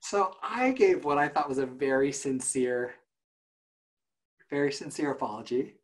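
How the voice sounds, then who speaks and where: A man of middle pitch co-hosts a casual podcast. He tells a story about himself and breaks into laughter again and again. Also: a little slow. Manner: laughs often while telling a story on himself. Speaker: podcast co-host.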